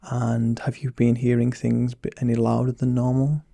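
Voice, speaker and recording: This young man's whisper is soft and husky as he plays a teasing doctor in a role-play; his low voice carries a gravelly edge and a dark, mellow warmth, sitting close and dry on the mic. He speaks in a monotone at a moderate pace, in a dry recording.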